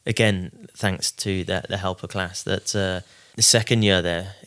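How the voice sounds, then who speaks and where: A man, a racing driver guest on a podcast, telling casual stories in a lively way, often acting out what other people said. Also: deep voice, a little slow, clean tone. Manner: lively, quotes others mid-story. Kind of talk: casual anecdotal storytelling.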